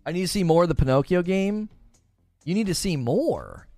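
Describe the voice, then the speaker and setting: A man's voice: sits high, animated, measured pace, long pauses, warm tone, dry recording, soft background music. A man hosting a live stream, chatting casually and reading out viewer comments with frequent laughs. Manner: chatty, laughs often, reads chat aloud. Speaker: streamer host.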